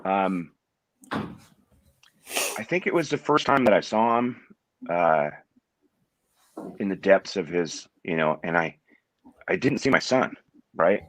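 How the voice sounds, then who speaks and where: A middle-aged man from Washington State, a guest in an interview, talking in a halting way and often repeating words as he restarts his sentences. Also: sits low, animated, no echo. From Washington State, USA. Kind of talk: conversational interview.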